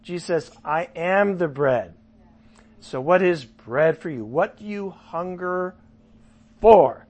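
A pastor with a voice on the high side preaches a casual Bible-study sermon, taking it slowly. He is animated, putting questions to his listeners and joking as he teaches.

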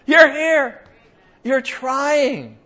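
A man's voice: very high-pitched, extremely slow, pushed and bright. An older man preaching a sermon to his congregation, conversational and emphatic, joking with the people in front of him. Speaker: pastor. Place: church hall with a congregation. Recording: dull lo-fi sound.

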